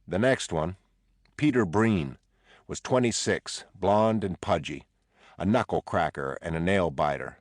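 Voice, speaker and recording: A man reading a novel aloud in a measured, low-key narration. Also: lively intonation, no echo, clean studio sound. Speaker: audiobook narrator. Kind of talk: scripted narration.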